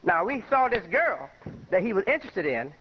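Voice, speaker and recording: An older man from Chicago with a notably high voice talks as an imam, rambling and conversational and full of personal stories. His voice comes through a muffled, lo-fi radio recording. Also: very animated, moderate pace, slight background noise. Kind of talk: informal spoken lecture.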